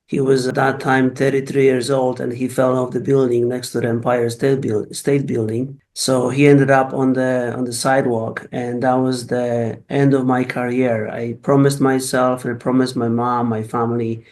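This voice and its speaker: Polish-accented man, flat even delivery. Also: medium pitch. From Poland. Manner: halting, repeats words while recalling his story. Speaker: guest, physical therapist. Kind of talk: conversational interview storytelling.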